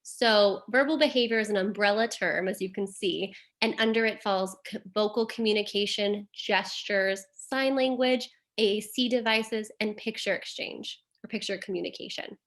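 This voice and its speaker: A woman's voice: medium pitch, steady tone, normal speed, few pauses, fairly bright tone. A woman presenting a caregiver webinar as a behavior analyst, explaining terms plainly with frequent "um" and "like". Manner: explanatory, uses fillers like "um" and "like".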